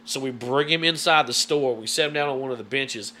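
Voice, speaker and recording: A man telling a story in casual chat, animated and swearing freely. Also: medium pitch, a little fast. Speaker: guest.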